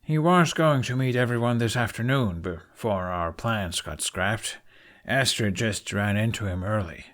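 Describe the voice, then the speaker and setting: A man reading an audiobook, voicing a sarcastic, deadpan young chief. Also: lowish voice, unhurried. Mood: dry sarcastic. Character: young male dragon-riding chief, sarcastic.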